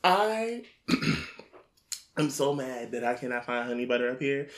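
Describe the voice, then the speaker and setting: Excitable podcast co-host in a roomy echo. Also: mid-range voice, slow. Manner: excitable, chiming in, playful. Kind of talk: casual chat.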